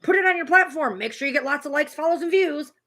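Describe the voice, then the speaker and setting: A woman's voice: high-pitched, quick pace, pushed and bright. A woman streamer ranting at a clip she is reacting to, swearing hard and repeating herself. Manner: heated, swearing, repetitive. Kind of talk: profane livestream rant.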